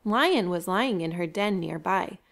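A woman's voice: on the low side, unhurried, gravelly. A woman telling a story to children at a library story time, speaking to them directly. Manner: bright, animated, addresses children.

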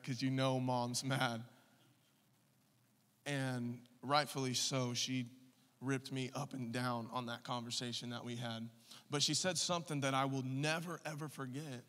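Passionate preacher man, forceful voice. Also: medium pitch. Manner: passionate, swings from quiet storytelling to loud urging. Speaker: pastor. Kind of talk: sermon. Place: church sanctuary. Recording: reverberant church hall.

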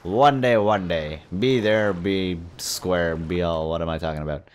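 A man giving excitable, jokey commentary while playing a video game, often yelping and exclaiming. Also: deep voice, unhurried, a little hiss or hum. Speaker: let's play host. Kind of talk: gameplay commentary.

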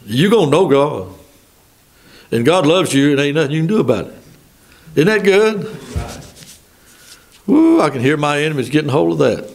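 Older Southern male preacher, high voice, folksy and conversational from the pulpit. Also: big pitch swings, normal speed, gravelly, pauses often. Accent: Southern American. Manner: folksy, thinking aloud with asides. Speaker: pastor. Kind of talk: sermon.

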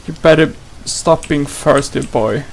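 A man's voice: fairly high pitch, a little slow, creaky, noisy background. A man hosting a gaming channel, giving playful, exclamatory let's play commentary and talking to his character.

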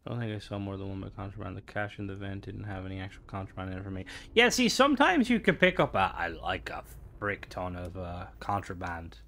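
A young man streams a game and chats casually, rambling with plenty of fillers and playful asides. His voice is low and expressive, fairly quick with few pauses, and sounds pushed and bright. There's a little hiss or hum in the recording.

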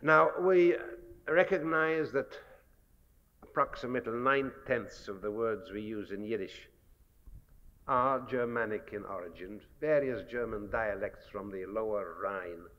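A man giving a measured, scholarly public lecture, pausing often with fillers. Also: fairly low pitch. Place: lecture hall. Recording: dull archival 1960s lecture recording with long hall reverb.

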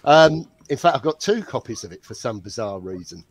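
A British man, a guest author, chatting over a video call and telling anecdotes in a measured way. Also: mid-range voice, sing-song, husky, no echo. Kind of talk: casual chat.

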